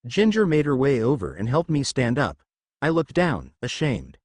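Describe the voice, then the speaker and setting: A man's voice: medium pitch, huge pitch swings, normal speed, darkish tone, dry recording, clean studio sound. A man narrating a first-person fan fiction story in a dramatic reading.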